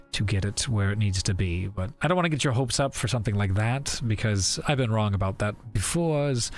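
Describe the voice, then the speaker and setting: A man running a tabletop game as game master, voicing a shopkeeper with frequent ums and uhs. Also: lowish voice. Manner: hesitant, many ums and uhs. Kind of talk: narrating a tabletop game and playing an enchanter.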